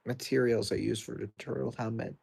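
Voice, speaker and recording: A man's voice: medium pitch, fairly even intonation, a little fast, creaky, darkish tone, slightly rough. A man with a British accent, streaming a game and chatting loosely with viewers, answering their comments as he plays. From Britain. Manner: rambling, reads and answers viewer comments aloud. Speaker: livestreamer. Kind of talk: casual livestream chat while gaming.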